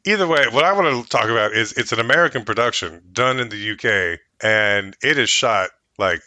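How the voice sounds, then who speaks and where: A man's voice: mid-range voice, expressive, fairly quick, sharp tone, dry recording. A man co-hosting a casual movie podcast, rambling and hedging with lots of filler words. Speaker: podcast co-host. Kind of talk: casual chat.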